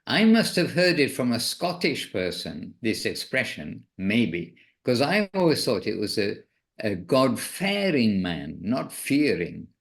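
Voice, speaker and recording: A man who is a spiritual teacher, giving an informal devotional talk in a musing, gently self-correcting way. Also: medium pitch, sing-song, a little slow, vocal fry, few pauses.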